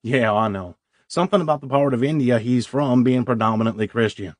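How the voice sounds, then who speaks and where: Man narrator putting on a deeper, plain-spoken older dad for an audiobook, dry close sound. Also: fairly quick, no room sound, lightly acted. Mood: matter-of-fact. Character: gruff older survivalist father, matter-of-fact.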